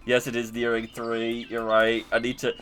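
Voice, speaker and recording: A man's voice: medium pitch, monotone, moderate pace, fairly bright tone, smooth, faint music behind, rough recording. A man streaming a game, chatting casually in a rambling, self-mocking way. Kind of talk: casual chat while gaming.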